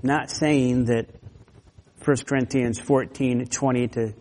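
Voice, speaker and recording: A man's voice: medium pitch, fairly even intonation, slow pace. A man preaching an expository sermon, explaining scripture verse by verse and pressing hard on key points. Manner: emphatic, rising loud on key points, repeats words. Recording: long hall reverb.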